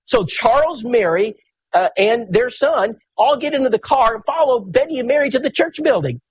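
A preacher tells his story in a folksy, animated way. His voice is husky and sits high for a man. It rises and falls with wide, lively swings. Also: moderate pace, dry recording. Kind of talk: sermon storytelling.

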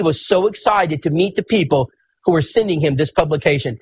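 A man, preaching in a folksy, animated storytelling sermon. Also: on the high side, brisk, slightly rough.

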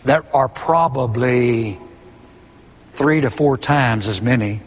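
Middle-aged guy preaching slow and emphatic, repeats words to hammer them home, big echoey church hall. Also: medium pitch, a little hiss or hum. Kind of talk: sermon. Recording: long hall reverb.

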